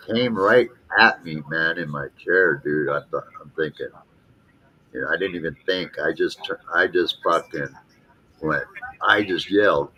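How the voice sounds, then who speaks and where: Deep-voiced dude, laid back, keeps saying dude, sharp edgy tone. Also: male voice. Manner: laid-back, peppers speech with dude and you know. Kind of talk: casual chat.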